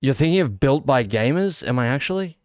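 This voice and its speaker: Guy streaming live, chatty and excitable, laughs at his own bits, dry close sound. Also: medium pitch, fairly quick, dry recording. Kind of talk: casual live-stream chat.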